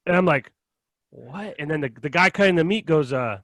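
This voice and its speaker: A young man on a podcast telling a story in casual chat, animated and profane, often checking in with "right?" and "okay?". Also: on the high side, fast talker, no room sound. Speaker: podcast co-host.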